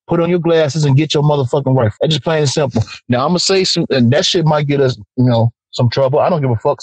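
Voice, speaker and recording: Male podcast host, rapid-fire angry profane rant, dry close sound. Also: on the high side, darkish tone, dry recording, rough recording. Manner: heated, profane and emphatic.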